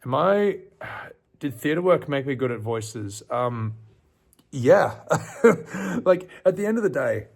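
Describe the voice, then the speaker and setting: A man reading horror stories on a live stream at night, theatrical and dropping into low whispers, chatting with viewers between passages. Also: sing-song, slow pace, gravelly, pauses often. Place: outdoors on a porch at night.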